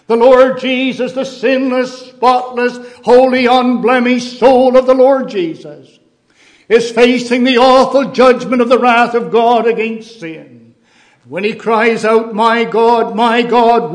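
Man, preacher, high-pitched, unhurried, emphatic sermon delivery, repeats phrases.

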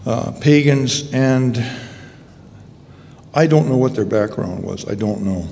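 Gravelly, halting preacher in an echoey hall. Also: male voice, medium pitch, warm tone. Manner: halting, searching for words, with many fillers and restarts. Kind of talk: sermon. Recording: long echo in a hall, faint ambient noise.

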